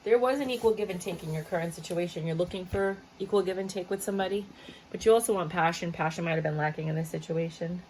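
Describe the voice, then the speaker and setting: A woman's voice: lowish voice, slight background noise, poor audio. A woman giving a casual tarot reading to her viewers, chatty and blunt, swearing freely and breaking into asides. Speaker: tarot reader.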